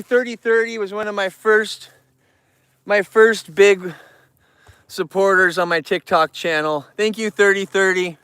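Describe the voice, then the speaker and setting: A man's voice: sits high, sharp tone, smooth, no room sound. A man livestreaming from among bears, chatting with his viewers in an emotional way and greeting them and the animals by name. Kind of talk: casual livestream chat to viewers.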